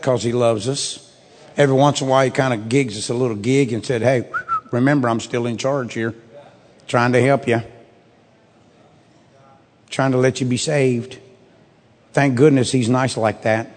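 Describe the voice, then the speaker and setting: A male pastor preaching to his church in a folksy, repetitive way that swells into loud bursts. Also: medium pitch, in a large hall. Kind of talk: sermon with altar call. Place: church sanctuary.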